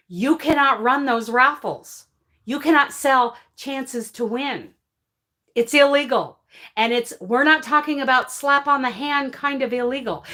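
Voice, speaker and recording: Bright, forceful, and fairly high-pitched, this crochet livestreamer answers her viewers' comments in a relaxed stream. Her delivery is emphatic and full of feeling, punctuated by apologies and laughter.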